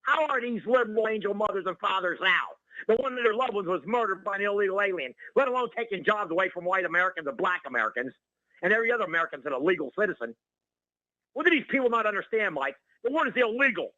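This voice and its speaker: A male caller on a talk radio show, ranting excitedly and calling the host by name over and over. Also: high voice, quick pace, no room sound, highs cut off. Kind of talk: heated call-in rant.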